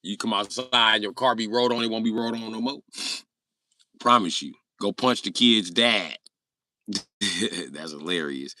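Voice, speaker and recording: A man's voice: on the low side, measured pace, pauses often, sharp tone, dry recording, clean studio sound. A man chatting casually on his live stream, joking and cursing freely. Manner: crude, profane, joking. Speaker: livestreamer.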